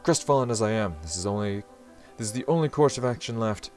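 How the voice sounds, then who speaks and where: A man's voice: on the low side, lively intonation, fast talker, a little mellow, soft background music, natural voice. A man reading aloud the inner monologue of a formal, flustered young male samurai from a visual novel. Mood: earnest.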